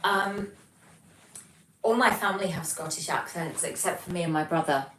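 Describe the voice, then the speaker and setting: A young woman from England hosts a casual livestream, chatting and reading viewer comments aloud with plenty of ums. Her voice is fairly low and fairly bright, at a moderate pace. She's recorded on a phone placed far off in an echoey room, with slight background noise.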